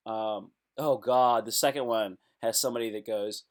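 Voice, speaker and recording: A man's voice: lowish voice, fairly even intonation, moderate pace. A man hosting a casual live stream, reacting aloud to web posts in a loose, slangy way.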